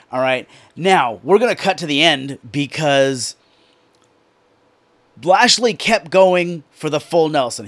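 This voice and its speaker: A man giving an excitable, profane recap of a wrestling show, telling it as a story. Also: on the high side, dry recording. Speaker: wrestling commentator reviewing a show.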